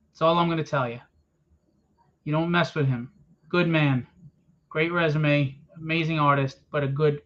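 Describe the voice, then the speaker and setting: A man who is a comic book publisher delivers a blunt, confrontational rant to a small crowd in a room at a convention, swearing freely. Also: on the high side. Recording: dull lo-fi event recording.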